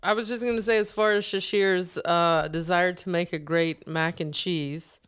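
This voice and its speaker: A woman comedian co-hosting a podcast in casual chat, playful, laughing often, and quick to jump into stories. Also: lowish voice, fairly even intonation, fairly bright tone, clear, resonant tone.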